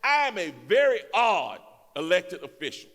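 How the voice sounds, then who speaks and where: A man speaking as a guest in a church, preaching emphatically and rising to shouts in a folksy way. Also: sits high, sing-song, moderate pace. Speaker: guest speaker, elected official. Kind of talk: fiery preaching. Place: church sanctuary. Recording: long church reverb.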